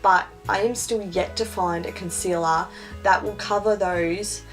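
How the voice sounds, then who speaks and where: A woman's voice: medium pitch, steady tone, measured pace, soft background music. A young woman chatting casually and self-mockingly through a makeup tutorial. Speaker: beauty vlogger.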